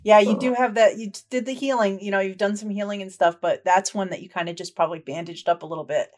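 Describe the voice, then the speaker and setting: A woman running a tabletop game as game master, describing scenes in a relaxed, chatty way with frequent fillers. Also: mid-range voice, fast.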